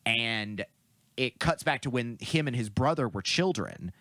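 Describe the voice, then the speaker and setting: A man's voice: mid-range voice, measured pace, no room sound. Easygoing man summarizing a movie, dry sound. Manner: relaxed, conversational plot summary with fillers. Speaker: podcast co-host. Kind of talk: casual movie chat.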